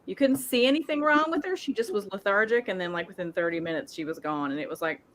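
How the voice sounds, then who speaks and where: A woman's voice: medium pitch, fast talker, fairly bright tone, a little hiss or hum. A married woman guest on a video call chat, emotional and laughing as she talks. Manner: emotional, laughs while talking. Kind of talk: casual chat.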